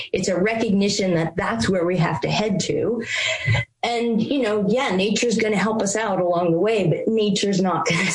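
A woman's voice: fairly low pitch, darkish tone, low-quality recording. A woman interviewed as a report author, answering in an emphatic way and often repeating words as she thinks.

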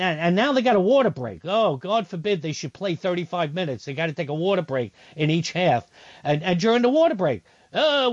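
A man's voice: on the high side, no echo. A man co-hosting a radio show, ranting with indignation in casual chat. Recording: muffled lo-fi radio audio.

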